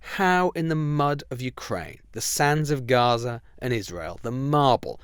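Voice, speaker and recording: A man's voice: medium pitch, animated, measured pace, clean tone, dry recording. A man hosting a podcast whose voice sits in a middle register. He builds a dramatic intro, then chats loosely and hedges with "sort of." The sound is dry and close on a studio mic. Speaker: podcast host. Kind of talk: scripted intro then casual interview.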